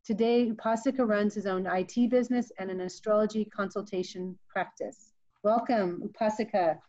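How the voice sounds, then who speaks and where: A woman's voice: mid-range voice, fairly even intonation, moderate pace, dark tone. A woman moderating a panel over a video call, reading guest introductions in a friendly way. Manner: friendly, reads introductions, laughs easily. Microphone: video call mic. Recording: dull lo-fi video call audio.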